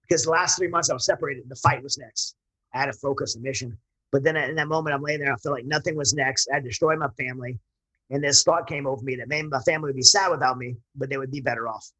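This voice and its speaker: A man's voice: mid-range voice, fairly even intonation, quick pace, sharp tone, rough recording. A man, a military veteran guest, telling his personal story in an earnest, rambling way with frequent restarts.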